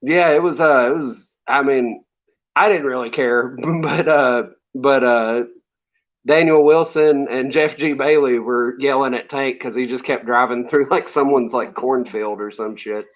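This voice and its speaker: Male interview guest, relaxed rambling storyteller, mid pitch, muffled lo-fi audio. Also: unhurried. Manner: laid-back, rambling with fillers and laughs. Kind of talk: casual storytelling. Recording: dull lo-fi sound.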